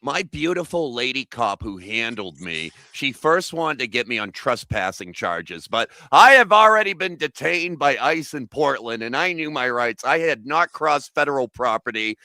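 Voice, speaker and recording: Gravelly, bright-toned comic activist man. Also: medium pitch, no echo. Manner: loud, absurdist, bursts into shouted bits. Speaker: activist guest. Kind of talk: comedic interview chat.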